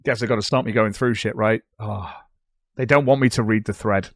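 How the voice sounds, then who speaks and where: A man's voice: fairly low pitch, fairly even intonation, fairly quick, dry recording, studio quality. A British man on a livestream, talking back at posts he reads aloud in a sarcastic, sweary way. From Britain. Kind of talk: casual livestream commentary.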